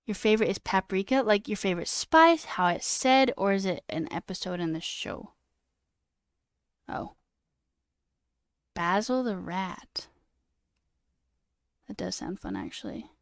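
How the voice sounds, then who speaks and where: A woman's voice: medium pitch, big pitch swings, unhurried, pauses often, no echo. A woman streamer chatting casually with her viewers, trailing off and answering chat as she goes. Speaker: coding livestreamer.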